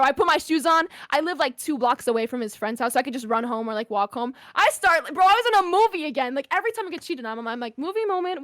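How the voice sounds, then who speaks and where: High-voiced young woman telling a story. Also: no echo, studio quality. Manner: animated, swears freely, lots of "like". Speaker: podcast guest, streamer. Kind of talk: casual storytelling.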